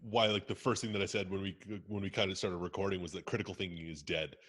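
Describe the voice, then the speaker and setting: Brief: man, lower voice, rapid and emphatic, casual podcast talk with swearing. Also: fairly even intonation, a bit bright. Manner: fast, emphatic, swears freely. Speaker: strength coach guest.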